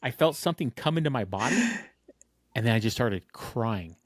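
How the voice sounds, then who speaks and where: A man's voice: medium pitch, animated, normal speed. Man telling a rambling, laughing story. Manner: rambling storyteller, laughs through his words. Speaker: podcast co-host. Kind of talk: casual chat.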